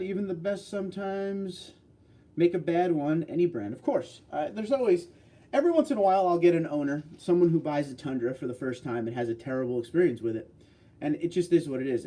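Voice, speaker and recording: A man's voice: a little high, warm tone. A man from New York hosting a casual livestream, reading out viewer comments and bantering back.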